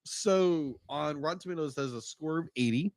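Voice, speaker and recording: A man co-hosting a podcast, chatting casually with short, relaxed replies. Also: a little high, normal speed, creaky, no echo. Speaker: podcast co-host.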